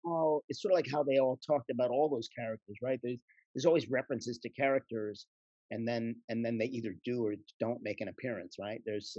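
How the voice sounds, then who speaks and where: A man, a guest actor, talks casually in an interview and tells anecdotes in a relaxed, rambling way, laughing often. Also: mid-range voice, slightly rough, no room sound, lo-fi sound.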